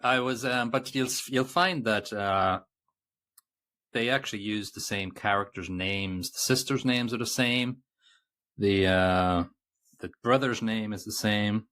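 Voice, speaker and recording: A man's voice: lowish voice, a little slow, a bit bright. A man co-hosting a podcast, chatting casually about a film in a rambling, self-interrupting way. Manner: rambling, self-interrupting, reads quotes aloud. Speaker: podcast co-host. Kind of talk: casual movie review chat.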